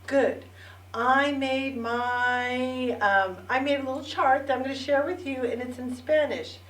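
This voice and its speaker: A middle-aged woman teaching a bilingual children's lesson, repeating words clearly and prompting the listeners to say them back. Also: sits high, fairly bright tone. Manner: slow, clear repetition with call-and-response prompts. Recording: echoey room, distant mic.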